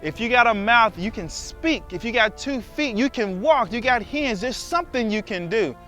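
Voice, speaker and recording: A male preacher giving a lively sermon, acting out voices of the disciples as he teaches. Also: very high voice, moderate pace, soft background music. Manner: animated, acts out the disciples' complaints.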